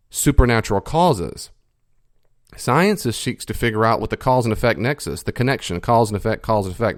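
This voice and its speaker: A man hosting a podcast, explaining ideas emphatically. He repeats key phrases and stretches out stressed words slowly. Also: dry recording, clean studio sound. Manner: lively swings in pitch for emphasis. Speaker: podcast host.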